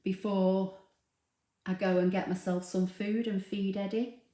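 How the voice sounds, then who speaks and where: A woman's voice: medium pitch, little pitch movement, a little slow, warm tone. A woman hosting a casual craft livestream from home, chatting and reading out viewer comments with frequent ums. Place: home room with a dog nearby. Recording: roomy, echoey home recording.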